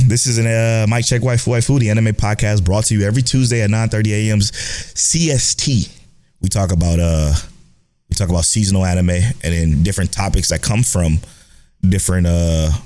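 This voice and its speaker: A young man with a low voice co-hosts a casual anime podcast. He talks loosely and animatedly, swears freely and jokes about himself. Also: a little mellow. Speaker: podcast co-host.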